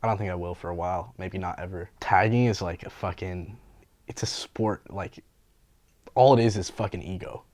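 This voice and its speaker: A man's voice: low voice, normal speed, dry recording. A young man from the Bay Area, a graffiti artist and painter, telling stories in a casual interview with lots of slang, swearing and laughter. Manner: animated, profane, laughs often, slangy.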